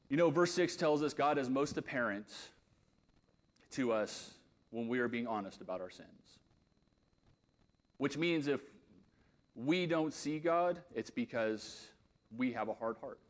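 A man preaching with real earnestness. His voice sits in an ordinary middle pitch, and he swings between loud, emphatic declarations and quiet, intense asides. The delivery is sermon-like, aimed at a congregation. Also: animated, measured pace, long pauses. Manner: leads a closing prayer.

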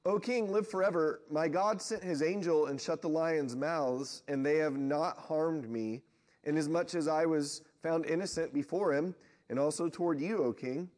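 A man voicing Daniel as a calm, unbothered prophet during a Bible study, first reading scripture and then paraphrasing casually. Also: on the high side, moderate pace, close to an everyday voice. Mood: solemn. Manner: nonchalant, breezy.

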